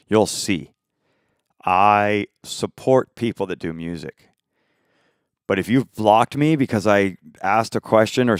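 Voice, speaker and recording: A man in an angry, profane, unscripted rant, swinging between shouting and muttering. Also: on the low side, clean tone, no echo, clean studio sound.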